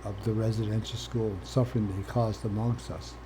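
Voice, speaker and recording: Earnest older man with a mellow voice. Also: lowish voice, brisk, slight background noise. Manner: earnest, plain-spoken, swings from quiet to animated. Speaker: interview guest, former First Nations chief. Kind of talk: candid personal storytelling.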